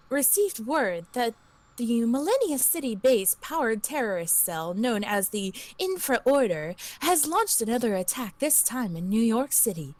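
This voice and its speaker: A woman's voice: on the high side, no room sound. Woman playing a breaking-news TV anchor. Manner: news-reading cadence breaking into shock. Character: female TV news anchor, urgent.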